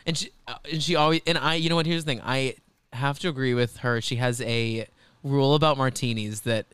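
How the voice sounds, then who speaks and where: Man, podcast co-host, smooth clear voice, dry close sound, chatty and animated. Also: medium pitch, brisk, no room sound. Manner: animated, laughing, does impressions. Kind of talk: casual chat. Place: apartment.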